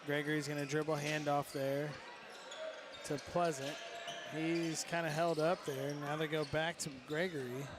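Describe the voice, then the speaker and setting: A man's voice: fairly high pitch, flat delivery, normal speed, noisy background. Laid-back male color commentator in a gym. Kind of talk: casual game analysis. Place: high school gymnasium. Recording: gym ambience and bouncing balls.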